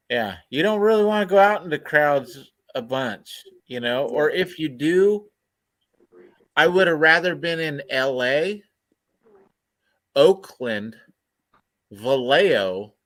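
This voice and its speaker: A man speaks slowly and deliberately in casual talk, blunt and profane, padding his lines with "you know." His voice is close and dry. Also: fairly high pitch, fairly bright tone, dry recording. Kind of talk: casual chat.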